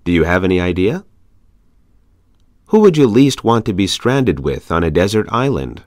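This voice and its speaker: A man with a fairly low voice reads conversation practice questions for an English lesson at a steady pace. His intonation rises and falls in a lively way on each question. The recording is dry and close. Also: no room sound. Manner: measured, evenly paced question reading. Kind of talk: reading practice questions aloud.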